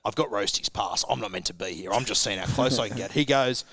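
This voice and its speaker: An Australian man rattles through a rambling story at a quick clip, breaking into laughter and putting on voices for the people in it. His voice sits at an ordinary middle pitch. The sound is close and dry. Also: sharp tone, no room sound. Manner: rambling, laughing anecdote with acted quotes. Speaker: guest rugby league pundit. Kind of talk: casual storytelling on a live sports chat.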